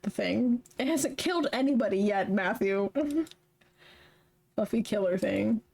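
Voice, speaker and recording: A young woman streamer reading a story game aloud, chatty and quick to laugh between lines. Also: medium pitch, lively intonation, vocal fry, a little mellow, breathy edge. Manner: chatty, laughs often, reads narration then comments. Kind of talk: reading a visual novel aloud with commentary.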